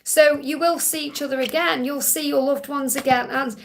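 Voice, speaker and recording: A woman with a high voice and a gravelly edge hosts a live stream as a psychic medium. She talks in an earnest, emotional way and often pads her sentences with "you know.". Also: steady tone, normal speed, a little hiss or hum. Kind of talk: live-stream reading and chat.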